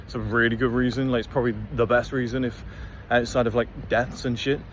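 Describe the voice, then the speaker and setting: A man's voice: medium pitch, level tone, a little fast, slight background noise. Blunt, swearing man ranting outdoors. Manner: blunt, profane, rambling. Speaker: motivational vlogger. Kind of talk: casual monologue to camera.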